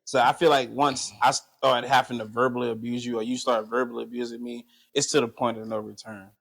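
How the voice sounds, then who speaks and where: A man talking in an animated, heated way during a casual podcast chat. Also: mid-range voice, brisk, gravelly, slightly rough. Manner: animated, heated when arguing.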